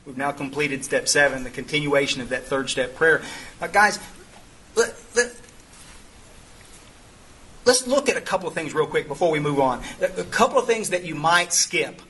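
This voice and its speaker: A middle-aged man with a high, bright voice tells a long story to a recovery group. He talks in a rambling, joking way, with many restarts. A faint hiss sits behind him. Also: lively intonation, moderate pace, pauses often. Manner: rambling, self-interrupting, humorous. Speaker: sponsor leading a twelve-step study. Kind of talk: folksy storytelling talk to a group.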